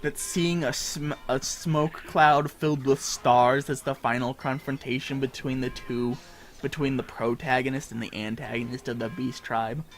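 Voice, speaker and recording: A man's voice: mid-range voice, fairly even intonation, moderate pace. A man streaming a game, giving rambling, self-mocking commentary with a strained, tired voice. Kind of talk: casual gameplay commentary.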